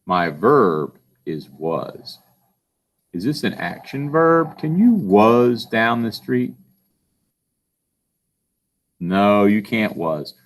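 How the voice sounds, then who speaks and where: A male teacher giving a phonics lesson, patiently asking questions and answering them himself. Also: lowish voice. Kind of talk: recorded classroom phonics lesson.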